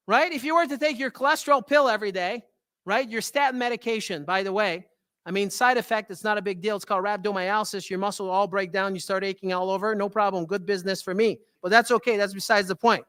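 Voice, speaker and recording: A man with a French Canadian accent, a holistic health doctor giving a live talk to an audience, animated and often asking "right?". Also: high-pitched.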